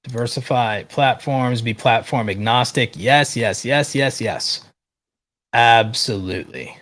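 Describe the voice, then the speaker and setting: A man's voice: medium pitch, a little slow, a bit bright. A man hosting a livestream, reading viewer questions aloud and answering them in a direct, casual way. He says he is losing his voice. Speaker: livestream host.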